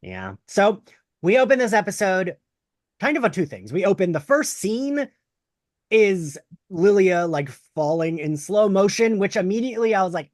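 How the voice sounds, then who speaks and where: A man hosting a video podcast, chatting loosely and excitably about a show. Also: high-pitched, normal speed, dry recording, studio quality. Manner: loose, excitable, swears casually. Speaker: podcast host. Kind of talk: casual pop-culture chat. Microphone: close mic on camera, dry.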